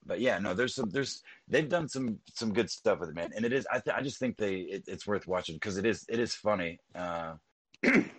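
A man's voice: fairly low pitch, expressive, moderate pace, breathy edge, no echo, rough recording. A man rambling in casual podcast chat, swearing often and restarting his sentences.

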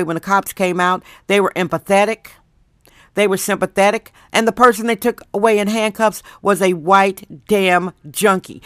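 A woman's voice: medium pitch, a bit bright, no echo, clean studio sound. Middle-aged woman host for a solo rant podcast; blunt, emphatic, drawn out, clean resonant tone. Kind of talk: ranting opinion podcast.

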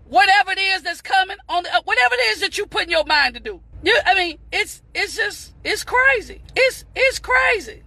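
A woman giving an impassioned motivational talk on a live stream, repeating phrases and breaking into shouts. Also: extremely high pitch, creaky, no echo. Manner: fervent, preachy, repeats phrases, bursts into shouts; addresses viewers as "beautiful people".

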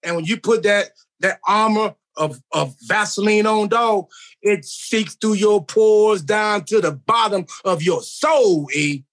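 A man's voice: high voice, measured pace, fairly bright tone. A middle-aged man as a podcast guest in casual chat, rambling and earnest, full of slang.

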